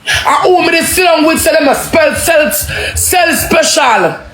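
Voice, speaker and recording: A Jamaican woman hosting a live stream, talking loudly and laughing, repeating herself as she rants. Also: high-pitched, lively intonation, a little slow, reverberant, faint music behind, rough recording. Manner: loud, laughing, repetitive. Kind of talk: loud casual live-stream rant.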